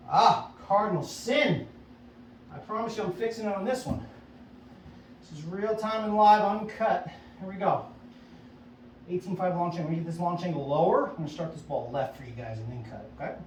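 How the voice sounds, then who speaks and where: A man's voice: high-pitched, fairly quick, a little mellow, reverberant, recorded from a distance, slight background noise, low-quality recording. A man, a golf instructor, coaching casually and upbeat at a driving range, often checking in with "right?". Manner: upbeat, chatty, self-coaching with frequent "right?".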